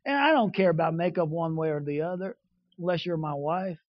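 A man preaching a sermon through a comic story, animated, shouting his punchlines and tossing in quick asides, on a dull lo-fi recording. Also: fairly high pitch.

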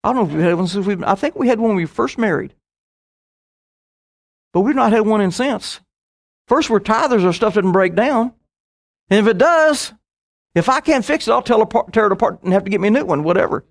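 Casting: middle-aged male preacher, high-pitched, storytelling sermon with quick asides. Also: expressive, gravelly.

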